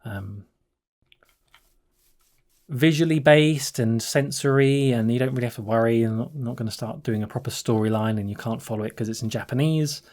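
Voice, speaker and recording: Chatty male host, mid-pitched, rambling and laughing as he tells stories. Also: normal speed, a little mellow. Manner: chatty, laughs often, many restarts. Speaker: channel host. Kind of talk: rambling casual storytelling over gameplay.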